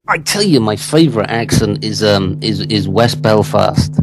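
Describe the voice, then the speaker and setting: A man, an actor guest, chatting in a relaxed interview with easy laughs and repeated words. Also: fairly low pitch, normal speed, vocal fry, low-quality recording. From England. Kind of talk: relaxed casual interview chat.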